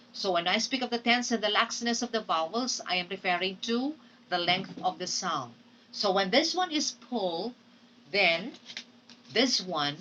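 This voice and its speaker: A woman teaching English pronunciation in a recorded lesson. She speaks deliberately, models example words aloud and often checks in with "okay?". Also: on the low side, bright, forceful tone, distant mic, slight background noise, rough recording.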